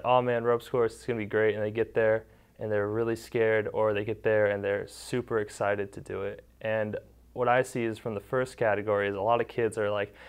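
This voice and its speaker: A man's voice: on the low side, clean tone. A young man casually recalling camp memories, with lots of "like" fillers, acting out the kids' quotes. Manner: relaxed storytelling, many "like" fillers, acts out kids' quotes. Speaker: interviewee, former camper and counselor. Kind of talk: casual recollection.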